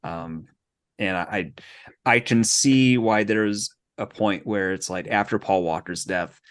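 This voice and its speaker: Low-voiced thoughtful podcast man. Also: a little slow, clean tone. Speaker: podcast co-host. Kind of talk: casual movie discussion.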